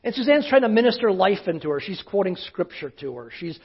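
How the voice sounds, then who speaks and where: Husky high-voiced pastor telling a story. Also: male voice, sing-song, brisk. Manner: conversational, often dropping to a hushed voice. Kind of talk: sermon storytelling. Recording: dull lo-fi sound.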